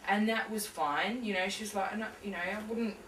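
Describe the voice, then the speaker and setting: A woman's voice: mid-range voice, steady tone, brisk, background noise. A young adult woman being interviewed, telling her story casually with many fillers and restarts. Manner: hesitant, full of fillers and restarts. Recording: echoey room, mic from a distance.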